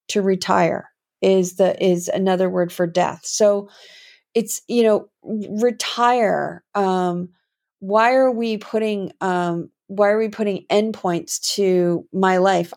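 A woman's voice: mid-range voice, creaky, darkish tone. Woman musing in a rambling solo talk. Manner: rambling, musing, with many fillers and restarts. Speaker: podcast host and healing coach. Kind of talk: reflective solo monologue.

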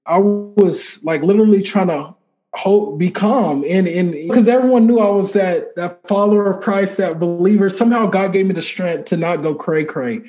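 A man with a somewhat high voice tells a personal faith story as a podcast guest. He talks casually and animatedly, with plenty of fillers, and acts out the dialogue as he goes. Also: moderate pace, dark tone. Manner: conversational filler-heavy speech.

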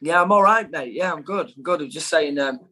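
A man's voice: on the high side, brisk, pushed and bright. A man who is a podcast guest and actor, chatting in an easygoing way. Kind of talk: casual chat.

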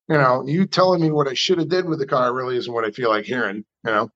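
Animated New storyteller man. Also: medium pitch, fast, hardly any pauses, lo-fi sound. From New York. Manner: animated, chatty storyteller who acts out quotes. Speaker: custom car builder. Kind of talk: storytelling in an interview.

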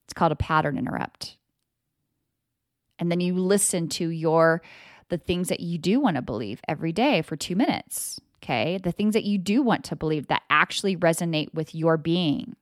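Fairly low-pitched and moderately paced, this energy coach talks casually on her motivational podcast, cursing freely and hitting her points hard, sometimes breaking into loud mock voices. It's a clean studio recording with no room sound.

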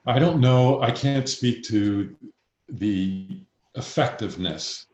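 A man working as a voice coach, calmly explaining breathing and resonance with slow, measured pauses. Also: fairly low pitch, roomy sound, lo-fi sound. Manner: calm, explains slowly with pauses. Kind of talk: expert advice in a conversation.

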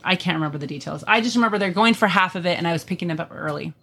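Earnest woman with a low voice. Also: racing, vocal fry, fairly bright tone. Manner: earnest, storytelling with many ums. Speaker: podcast guest. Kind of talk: casual conversation.

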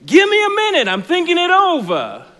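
A man voicing a dithering male robbery victim in a high, strained voice, retelling an old radio sketch. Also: wildly swooping pitch, moderate pace, sharp tone, big-room sound, heavily acted. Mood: flustered.

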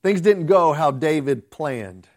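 High-pitched male pastor, conversational sermon, stumbles and restarts, builds to emphatic peaks. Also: expressive, takes it slowly. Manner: conversational preaching with repeated restarts; rising to emphatic outbursts.

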